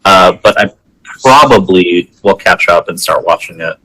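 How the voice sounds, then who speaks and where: A man's voice: low voice, expressive, normal speed, fairly bright tone, low-quality recording. A man co-hosting a podcast in casual chat, laid-back and hesitant, often restarting his sentences. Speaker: podcast co-host.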